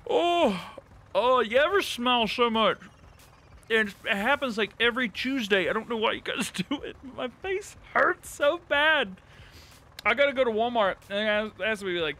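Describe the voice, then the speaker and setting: Giddy male game streamer, high bright voice with big swings, laughs through his lines. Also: expressive, normal speed. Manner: giggly, laughs constantly, reads chat aloud. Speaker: livestream gaming host. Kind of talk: casual live gameplay commentary.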